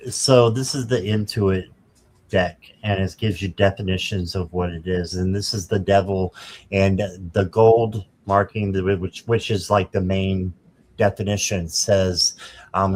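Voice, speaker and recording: A man co-hosting a tarot show, casually talking through card meanings with relaxed hesitations. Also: low voice, slow pace, rough recording. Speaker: tarot co-host. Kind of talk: casual chat.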